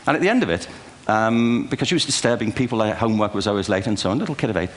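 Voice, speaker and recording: An older man holds forth in a large hall, spinning anecdotes with a dry, self-deprecating wit. His pitch rises and falls in lively swoops as he builds each joke. A faint murmur of room noise runs underneath. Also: racing. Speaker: speaker giving a talk. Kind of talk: humorous keynote lecture. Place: large auditorium before a live audience.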